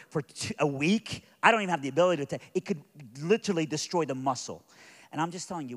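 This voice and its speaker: A middle-aged man with a mid-range voice delivers a sermon built around a personal story, alternating quiet, hushed moments with loud, intense ones.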